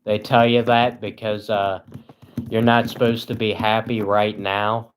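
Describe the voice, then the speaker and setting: A male live streamer with a fairly low voice who talks casually to his chat. His tone is dry and sarcastic, delivered deadpan, and he rambles along with frequent filler sounds. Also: unhurried, a little hiss or hum.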